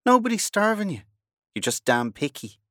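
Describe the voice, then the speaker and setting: A man playing a blunt, short-tempered sea captain with an Irish accent and a gruff manner. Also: high voice, very animated, moderate pace, pushed and bright, no echo, studio quality, voice pushed up, full character voice. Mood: exasperated.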